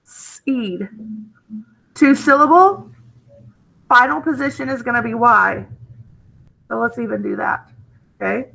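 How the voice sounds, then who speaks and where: A woman's voice: a little high, slow, gravelly, long pauses, pushed and bright, low-quality recording. A woman, teaching a recorded phonics lesson in a chatty, encouraging way and often checking in with "okay?".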